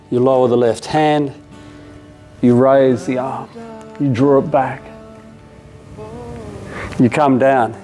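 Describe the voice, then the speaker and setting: An Australian man leads a yoga class in a calm, steady voice of middle pitch. He talks the students through each pose with relaxed, casual asides, while soft music plays faintly behind him. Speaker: yoga teacher. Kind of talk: guided yoga class instruction. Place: yoga studio.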